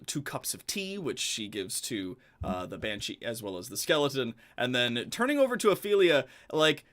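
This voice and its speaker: A man narrating as game master, relaxed and full of fillers. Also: mid-range voice.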